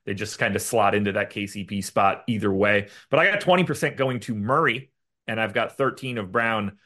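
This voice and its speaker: A man co-hosting a fantasy basketball show, reading a sponsor spot with energy and then chatting casually about lineup picks. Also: fairly low pitch. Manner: energetic ad reads, quick and upbeat. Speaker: fantasy sports podcast co-host. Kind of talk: casual sports betting chat.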